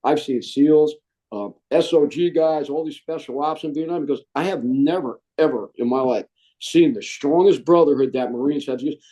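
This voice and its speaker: A middle-aged former Marine, speaking at a moderate pace in a somewhat high voice, shares his experiences in an interview. He's animated and performs the voices of the people he quotes.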